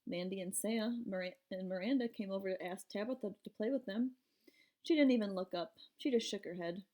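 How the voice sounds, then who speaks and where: A woman's voice: mid-range voice, brisk, a little mellow. A woman reading a children's storybook aloud, narrating expressively in first person. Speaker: audiobook reader.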